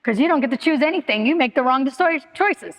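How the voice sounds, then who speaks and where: A woman's voice: high-pitched, lively intonation, brisk, voice pushed up. A woman voicing a little old woman sponsor who is blunt, curt and no-nonsense. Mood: bossy. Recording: long hall reverb.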